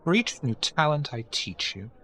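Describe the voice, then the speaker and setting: A man voicing a courteous, quietly menacing older male vampire necromancer. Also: on the high side, sing-song, normal speed, voice pushed up, heavily acted. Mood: smooth.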